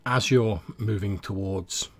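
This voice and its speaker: Husky low-voiced man running a tabletop game. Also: faint music behind. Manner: descriptive, measured narration. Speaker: game master.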